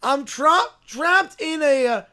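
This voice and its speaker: A man's voice: very high voice, lively intonation, slow, sharp tone, exaggerated voice. A man voicing an angry adult hotel guest, ranting and swearing while trapped in a broken elevator. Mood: yelling. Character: furious grown man stuck in a hotel elevator.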